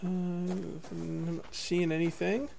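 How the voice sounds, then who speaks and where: A young man giving casual gameplay commentary to viewers, excitable, swinging from muttering to whooping. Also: high voice, slow pace, gravelly, a little hiss or hum. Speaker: let's play gamer.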